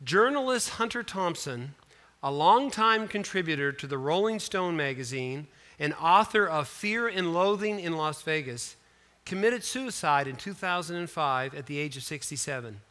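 A male pastor delivering a sermon, telling stories in an animated way with conversational asides to the congregation. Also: fairly high pitch, normal speed. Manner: animated storytelling, voice rising and falling for emphasis.

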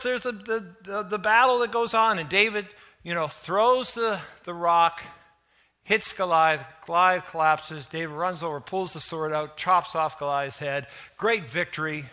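A man preaching a sermon as pastor, retelling stories in an animated way and acting out the quoted lines. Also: sits high.

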